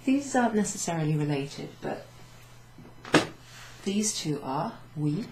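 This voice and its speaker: Woman language teacher, low and unhurried, echoey room with faint hiss. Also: expressive. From Wales. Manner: slow, patient explaining, switching between English and French. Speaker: French teacher. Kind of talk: relaxed classroom recap lesson.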